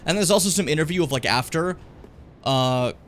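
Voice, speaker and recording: A man's voice: fairly high pitch, expressive, fairly quick, a bit bright, slight background noise. A young man from Edmonton, Canada, rambling and joking as he plays a video game, swearing often. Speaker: streamer. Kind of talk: casual gameplay commentary.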